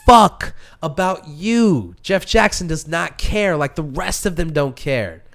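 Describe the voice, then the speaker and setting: A man's voice: a little high, animated, takes it slowly, fairly bright tone. A man co-hosting a podcast in casual chat, ranting and mocking the voices of others. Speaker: podcast co-host.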